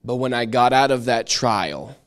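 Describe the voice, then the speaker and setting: A man teaching a church Bible study, conversational and lively, acting out little quoted voices as he explains. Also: medium pitch, moderate pace.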